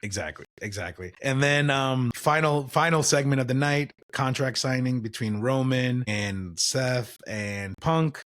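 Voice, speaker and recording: A man's voice: mid-range voice, a little slow, few pauses, a bit bright. Casual man recapping wrestling. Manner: loose play-by-play with fillers and quoted voices. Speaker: podcast co-host.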